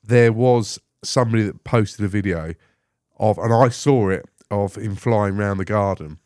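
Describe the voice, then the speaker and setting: A middle-aged British man, a father co-hosting a podcast, telling anecdotes in a chatty, animated way. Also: fairly low pitch, measured pace, no room sound, clean studio sound. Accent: British English. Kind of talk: casual podcast chat.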